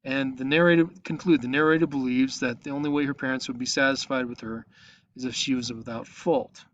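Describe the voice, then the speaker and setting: A man's voice: mid-range voice, fairly even intonation, fairly quick, a bit bright, lo-fi sound. Patient male teacher talking through his screen. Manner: patient, explaining step by step with frequent "okay?". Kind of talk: recorded online lesson walkthrough. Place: at a computer, screen recording.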